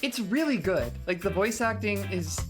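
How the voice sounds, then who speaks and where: A woman's voice: mid-range voice, animated, normal speed, over music. A woman streamer giving casual let's-play commentary with wry, joking asides.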